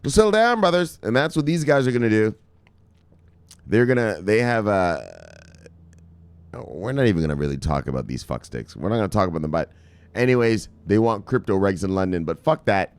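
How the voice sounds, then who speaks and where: A man hosting a crypto news vlog in loud, profane, boisterous casual commentary, laughing often. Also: lowish voice, lively intonation, moderate pace, clean tone, no room sound.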